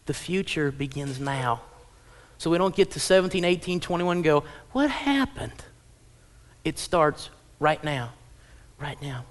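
A man in his thirties delivers a church sermon, his voice sitting a touch higher than most men's. He preaches with animated storytelling and slips into playful voices for parents and children. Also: moderate pace. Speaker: pastor. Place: church auditorium.

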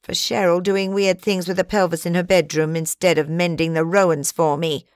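A blunt, unimpressed woman with a deadpan delivery, as a female narrator voices her, pitched low. The recording is dry and close. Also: normal speed, clean tone, no echo, natural voice. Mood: wry.

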